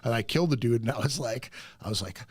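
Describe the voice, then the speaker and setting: Fifties male podcast host, salty storyteller, plain mid pitch, dry booth sound. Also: quick pace, husky, no room sound. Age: 50s. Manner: swears freely, tells stories with laughs. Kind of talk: casual profane chat. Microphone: studio mic.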